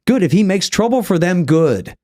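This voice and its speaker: A man from the United States, a podcast guest, talking in an animated way and acting out the people he quotes. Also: high-pitched, normal speed, dry recording, studio quality. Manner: animated storyteller, acts out quoted voices. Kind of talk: conversational interview.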